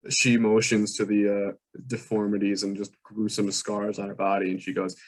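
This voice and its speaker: Guy game-mastering a tabletop game, lowish voice, lots of uhs and restarts. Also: level tone, normal speed. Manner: describes scenes with many fillers and restarts.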